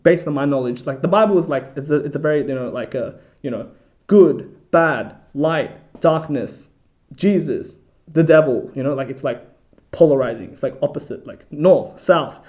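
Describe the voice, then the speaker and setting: A man's voice: a little high, normal speed, a little mellow. A man doing a casual Bible study video, reading verses aloud and then thinking aloud about them, rambling with lots of "you know" and "like". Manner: unsure and self-correcting. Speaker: video host reviewing a book of scripture.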